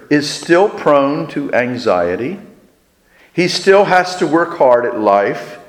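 A man preaching a sermon, telling a story slowly and deliberately with dramatic pauses. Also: mid-range voice. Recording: echoey hall with long reverb.

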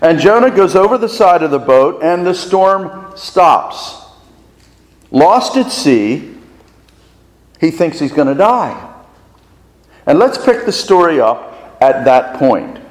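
A man preaching a sermon as pastor, deliberate and fond of rhetorical questions and repetition, in a reverberant church sanctuary. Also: fairly high pitch, sing-song.

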